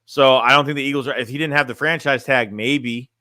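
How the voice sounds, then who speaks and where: Bright-voiced, blunt man streaming casually. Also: medium pitch, steady tone, a little fast, no echo, clean studio sound. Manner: blunt, rambling, repeats and restarts phrases. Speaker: sports fan streamer reading chat. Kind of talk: casual livestream chat.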